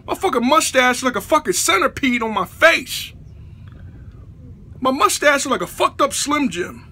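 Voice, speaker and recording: A man rants to camera in a comedic vlog, exasperated and profane, breaking into shouts. His voice sits very high with a piercing brightness, and his pitch leaps around constantly. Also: expressive, unhurried, slightly rough. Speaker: comedy vlogger.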